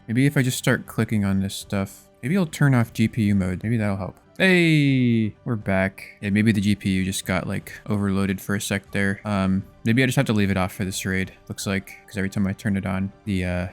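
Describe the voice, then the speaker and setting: A man's voice: lowish voice, normal speed, hardly any pauses, faint music behind. A young man giving laid-back, chatty commentary over his own gameplay, swearing casually now and then. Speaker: gaming video creator.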